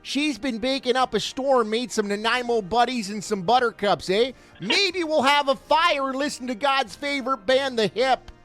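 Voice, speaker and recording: A man putting on the voice of a slow-talking Canadian hoser with slangy, drawn-out speech. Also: fairly bright tone, soft background music. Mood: hoser drawl. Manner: drawn-out, high, slangy delivery.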